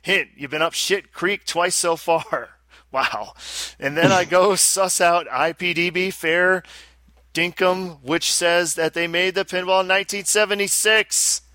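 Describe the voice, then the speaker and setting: A man's voice: high voice, fairly even intonation, measured pace, pushed and bright, no echo. A man co-hosting a casual podcast, reading listener letters aloud and breaking in with joking asides. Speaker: podcast co-host.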